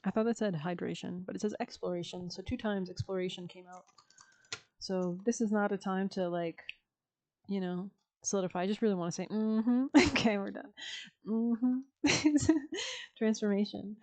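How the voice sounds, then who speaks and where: A woman reads tarot cards in a loose, chatty way. Her voice is warm and mellow and sits at a middle pitch. She leans on slang and filler words and laughs often as she talks. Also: fairly even intonation, normal speed. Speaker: tarot reader. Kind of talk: casual tarot reading.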